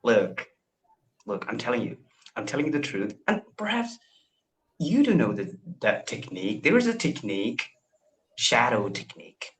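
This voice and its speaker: A man's voice: medium pitch, huge pitch swings, fairly bright tone, poor audio. A man in his twenties from India, chatting eagerly and modestly on a video call about learning languages, often restarting his sentences. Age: 20s. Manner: eager, self-deprecating, halting with restarts. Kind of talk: casual video call conversation.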